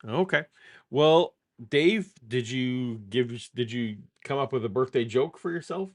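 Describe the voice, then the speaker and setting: A man's voice: mid-range voice, expressive, measured pace. A man co-hosting a casual live stream, chatting loosely with his partner. He thanks viewers and teases what comes next in a friendly, easygoing way. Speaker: co-host. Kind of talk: casual chat.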